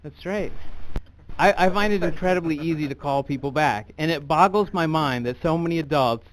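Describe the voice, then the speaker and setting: A young American man doing stand-up with a dry, deadpan delivery and a somewhat raised voice. He rambles through his bits casually and easily. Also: fairly high pitch, moderate pace. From United States. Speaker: stand-up comedian. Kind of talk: stand-up comedy.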